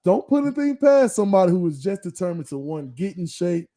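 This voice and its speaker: Mellow-voiced man, reflective podcast host. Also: sits high, very animated, fast talker. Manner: reflective, teasing, uses filler words like "right?". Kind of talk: casual sports chat.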